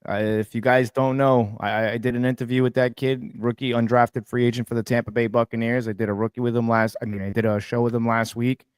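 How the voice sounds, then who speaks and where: A man co-hosting a sports talk show, telling stories in a folksy, animated way. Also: medium pitch, fairly quick, few pauses, smooth, no echo, studio quality. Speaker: co-host.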